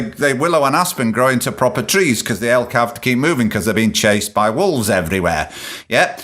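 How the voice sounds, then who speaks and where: A man's voice: mid-range voice, a bit bright. A man hosting a solo podcast, ranting sarcastically and swearing as he rambles between points. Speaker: podcast host.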